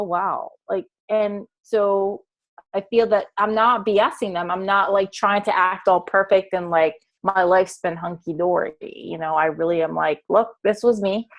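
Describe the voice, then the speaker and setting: A woman's voice: medium pitch, steady tone, normal speed. An earnest woman in her forties who leads a team and tells her story plainly. She speaks on a casual group video call. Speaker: team leader.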